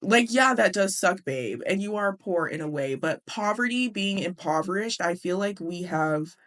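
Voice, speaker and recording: A woman hosting a casual book discussion, chatty and animated, with blunt profanity. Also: mid-range voice, normal speed. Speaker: host.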